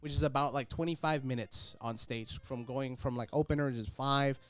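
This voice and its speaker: A man telling a comedy story in casual podcast chat, animated, acting out the people in it and dropping in Spanish slang. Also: mid-range voice, moderate pace, clean tone. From Texas Rio Grande Valley. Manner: animated, acts out voices in his stories, mixes in Spanish slang. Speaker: comedian guest.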